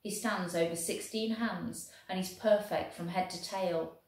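A woman voicing a gentle, devoted young male soldier who talks soothingly to a horse. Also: fairly low pitch, steady tone, measured pace, lightly acted. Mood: earnest. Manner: soft, soothing talk to a horse. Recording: very echoey room.

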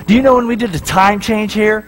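A man's voice: sits high, a little fast, faint music behind, low-quality recording. A man preaching a sermon as pastor in a church, telling stories and jokes in a casual way and often asking the crowd "right?".

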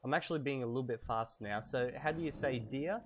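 A man giving a casual language lesson while playing a video game, saying example phrases slowly and making quick offhand asides. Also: medium pitch, highs cut off. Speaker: language teacher and gamer. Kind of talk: casual lesson over gameplay.

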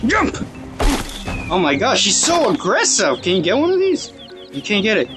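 A young man giving excitable, casual commentary while playing a video game, talking to his viewers into a phone. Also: high-pitched, moderate pace, long pauses, over music. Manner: excitable, yelps and exclaims at the game, talks to viewers. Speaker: let's play host.

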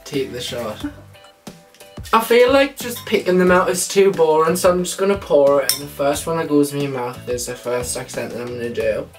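A woman's voice: low voice, animated, normal speed, distant mic, soft background music. A woman hosting her own vlog, chatting casually and playfully with a friend and laughing often. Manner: giggly, playful banter. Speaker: vlog host. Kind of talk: casual chat.

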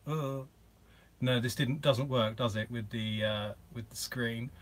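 A man's voice: medium pitch, steady tone, measured pace. A man hosting a live-stream Q&A from inside a camper van, chatting in a rambling way and greeting viewers by name. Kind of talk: casual live-stream chat.

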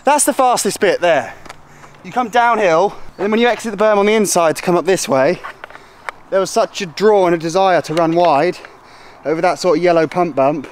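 A man's voice: sits high, a little fast, slight background noise. A man chatting casually and joking with a friend at an outdoor bike track. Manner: chatty, self-mocking banter. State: out of breath. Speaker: vlogger and rider. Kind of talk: casual chat.

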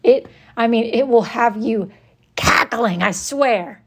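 A woman's voice: a little high, takes it slowly, slightly rough. A woman chatting with viewers on a live stream in a playful, theatrical way, often mock-scolding them. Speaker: livestream host. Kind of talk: casual live-stream chat.

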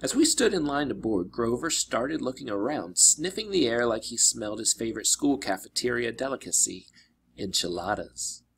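A man reading a children's adventure novel aloud, narrating expressively with dramatic slowdowns. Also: mid-range voice, animated, gravelly, a bit bright, slight background noise. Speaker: reader. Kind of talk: storybook read-aloud.

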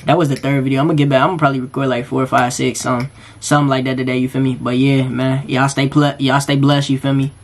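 A man's voice: mid-range voice, quick pace. Laid-back man reacting to a clip. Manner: relaxed, slangy, chatty commentary. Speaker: reaction video host. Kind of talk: casual reaction commentary.

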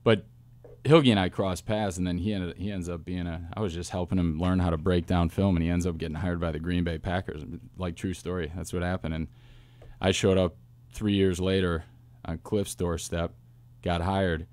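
A man, a football coach, telling stories in a casual interview with lively asides and restarts. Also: deep voice, no room sound. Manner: animated storyteller, quick asides and restarts. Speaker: wide receivers coach, guest.

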